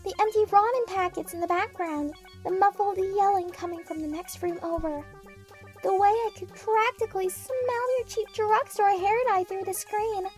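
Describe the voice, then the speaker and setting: Brief: very high-pitched, cutesy, chaotic anime space-probe girl; comedy audio drama, faint music under. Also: moderate pace, a little mellow. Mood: indignant fan. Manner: babyish cutesy talk flipping to blunt swearing.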